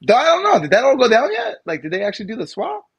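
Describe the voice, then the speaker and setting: A man's voice: very high-pitched, huge pitch swings, fast, slightly rough. A man co-hosting a live podcast in casual chat, laughing often and acting out mocking voices. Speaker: podcast co-host.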